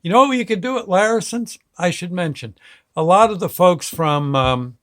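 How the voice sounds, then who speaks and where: Older man in his 60s, host; rambling, folksy storyteller with a slightly higher voice, chuckles as he goes. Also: normal speed, a bit bright. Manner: rambling, folksy, chuckles often between phrases. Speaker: show host. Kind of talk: casual storytelling monologue.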